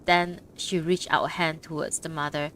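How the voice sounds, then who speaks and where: A woman narrating a novel as an audiobook in a measured reading voice. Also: sits low, little pitch movement, fairly bright tone, slight background noise. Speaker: audiobook reader.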